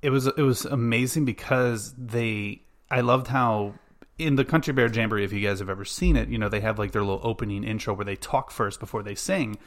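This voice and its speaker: A man hosts a podcast, chatting casually and enthusiastically with many fillers. His voice is lowish and his delivery brisk.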